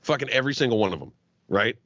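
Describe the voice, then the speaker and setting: A man's voice: medium pitch, animated, rapid-fire, a bit bright, dry recording, dull audio. A man co-hosting a podcast, swearing freely and laughing as he jokes, with frequent stumbling restarts. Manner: profane, joking, laughs often, trailing restarts. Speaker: podcast co-host. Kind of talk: crude comedic podcast banter.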